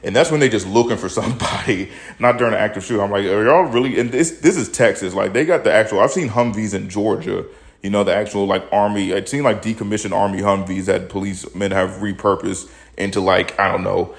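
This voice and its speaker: A man's voice: fairly low pitch, fairly even intonation, fast, creaky. A young man hosting his own opinion podcast, ranting bluntly and profanely about the news, a little out of breath. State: slightly out of breath. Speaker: podcast host. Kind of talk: casual opinion commentary.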